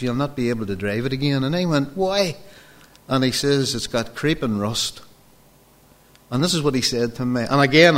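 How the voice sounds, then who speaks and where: A man's voice: mid-range voice, fairly bright tone. A man preaching a sermon, telling personal stories and acting out the dialogue as he addresses his congregation directly. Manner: storytelling, acts out dialogue, addresses the folks directly.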